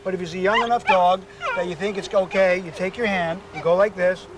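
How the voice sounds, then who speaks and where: Guy dog trainer talking outside, kinda high voice, traffic going by, chatty how-to vibe. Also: steady tone, a little fast. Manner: chatty, explanatory, goes high and sing-song coaxing the dog. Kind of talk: on-location dog training demo.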